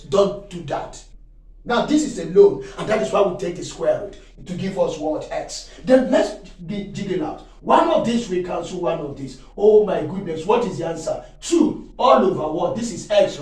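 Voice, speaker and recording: High-voiced male maths teacher, echoey room. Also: a little mellow. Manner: quizzing listeners with leading "what?" prompts; checks in often and exclaims to himself. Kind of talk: classroom-style maths lesson. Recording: very echoey room, far from mic.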